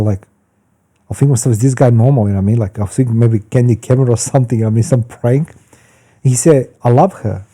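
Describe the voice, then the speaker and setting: Male, 50s, dark warm voice, blunt animated podcast storyteller. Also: mid-range voice. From Croatia. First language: Croatian. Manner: animated, blunt, swears freely, broken grammar. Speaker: podcast guest. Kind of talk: candid storytelling in conversation.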